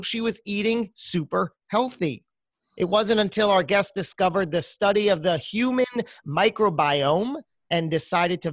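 An American man with a New Jersey accent hosts an interview podcast, chatting casually and enthusiastically. His voice is high with a fairly bright tone, recorded dry.

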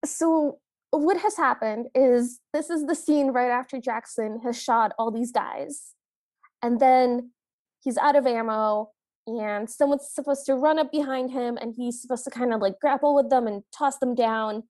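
A woman's voice: on the high side, a little slow, darkish tone, dry recording, clean studio sound. A woman co-hosting a podcast, chatting casually about a movie and adding her own reactions and questions. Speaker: podcast co-host. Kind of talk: casual movie recap chat.

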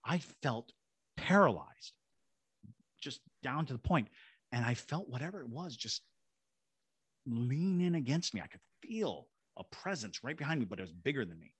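With a breathy edge to his medium-pitched voice, this podcast guest, a paranormal investigator from Savannah, Georgia, talks at normal speed over echo-free audio. His storytelling is lively, and he performs other people's voices as he quotes them.

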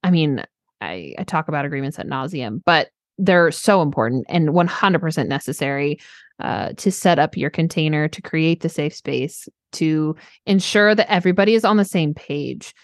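A woman co-hosting a coaching podcast, talking in an earnest, animated way and acting out little quotes. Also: low-pitched, normal speed, dry recording, studio quality. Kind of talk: casual podcast conversation.

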